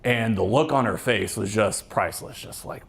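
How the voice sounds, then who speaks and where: A man's voice: fairly low pitch, normal speed, vocal fry. Cop guy talking to a club, loose and jokey, lots of ums and likes. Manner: joking, chatty, acts out quoted voices; rambling with many fillers and restarts. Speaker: police officer giving a scam talk. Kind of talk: casual presentation to a club.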